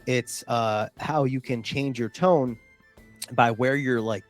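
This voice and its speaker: A man's voice: mid-range voice, steady tone, takes it slowly, faint music behind. A man co-hosting a casual gaming chat, explaining things at length with many filler sounds. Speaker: podcast co-host.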